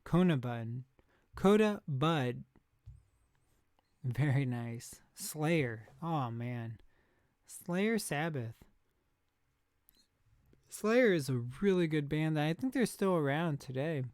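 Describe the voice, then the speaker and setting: Young male streamer, unhurried casual chatter, smooth voice a bit high for a man. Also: lively intonation, a little mellow, dry recording, studio quality. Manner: rambling, chatty, laughs at himself. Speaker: live streamer. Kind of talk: casual chat reacting to chat.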